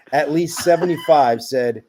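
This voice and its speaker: A man's voice: on the high side, warm tone. A man co-hosting a podcast, reading listener stories aloud in casual, dry chat. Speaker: podcast co-host.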